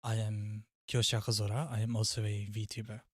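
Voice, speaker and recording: A man voicing a polite, posh mock gentleman, stiff, overly formal and a little hesitant. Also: fairly low pitch, flat delivery, fast talker, slightly rough, dry recording, clean studio sound.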